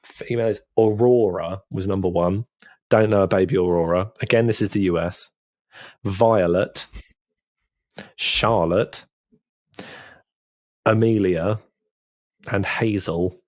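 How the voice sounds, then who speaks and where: A man's voice: low-pitched, steady tone, takes it slowly, long pauses, a little mellow, no echo. A man co-hosting a podcast in casual chat, rambling and laughing at himself. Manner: giggly, rambling, self-deprecating. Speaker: podcast co-host.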